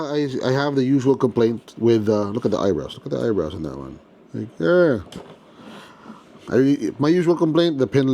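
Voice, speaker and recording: A man in a chatty, joking mood walks through a collectible figure in a relaxed unboxing commentary. His voice sits at an ordinary mid pitch and his delivery stays loose and playful, as if talking to fellow collectors. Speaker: toy collector host.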